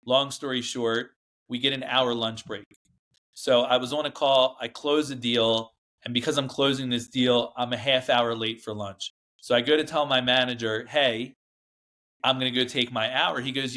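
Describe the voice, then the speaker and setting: A man's voice: medium pitch, steady tone, moderate pace, bright, forceful tone. A man, a guest in an interview, recounting his past in a rambling, emphatic way, often acting out what others said. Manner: rambling, emphatic, acts out quoted dialogue. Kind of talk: candid storytelling interview.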